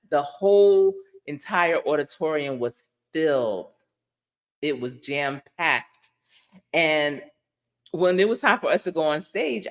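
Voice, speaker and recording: Woman, middle-aged, livestream host, casual storytelling, animated, laughs a lot. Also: deep voice. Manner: animated, laughs often, acts out quoted voices. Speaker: life coach and livestream host. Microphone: livestream setup.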